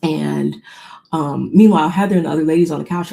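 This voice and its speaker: A woman co-hosting a casual recap chat, retelling scenes in an animated way with quoted voices. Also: low-pitched, fairly quick, vocal fry, a little hiss or hum. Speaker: podcast co-host recapping a reality show.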